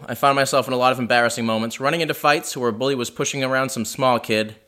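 A man telling a personal story live in a living room, wry and mocking himself. His voice is bright and carrying, and his pitch swings widely from line to line. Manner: self-deprecating, animated, wry. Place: living room house show.

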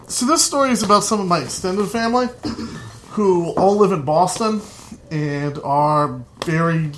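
A man's voice: fairly high pitch, a bit bright, a little hiss or hum. A young man telling a funny family story on stage, chatty and laughing at his own lines. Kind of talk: live comedic storytelling.

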